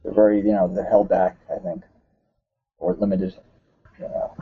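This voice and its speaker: A man hosting a casual podcast, rambling with lots of "uh"s and quick laughs. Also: sits low, level tone, vocal fry, slightly rough, phone-quality sound. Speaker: podcast host. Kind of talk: casual chat.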